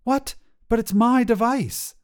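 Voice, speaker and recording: A man voicing an exasperated nineteen-year-old woman on a phone call, quick to anger and pleading. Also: extremely high pitch, pitched above the performer's own voice. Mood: furious. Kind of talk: audio drama reading.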